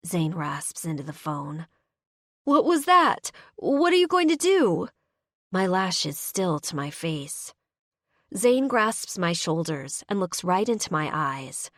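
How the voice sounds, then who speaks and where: A woman's voice: on the low side, no echo, studio quality. A woman narrating a romance audiobook in the first person, emotive, voicing both characters' dialogue.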